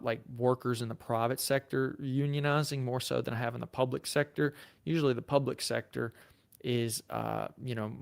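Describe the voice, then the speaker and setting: A man's voice: medium pitch, creaky. A man with a Southern US accent, a lawyer hosting a livestream, who answers viewer questions in a casual, chatty way and thinks aloud. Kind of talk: live Q&A, reading viewer comments.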